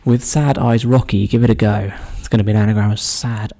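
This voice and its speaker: Male solver, dark husky voice, musing aloud and whispering clues to himself as he works. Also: on the low side, fairly even intonation. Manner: muses slowly, often muttering clues under his breath. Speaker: crossword solver. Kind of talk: thinking aloud while solving a puzzle.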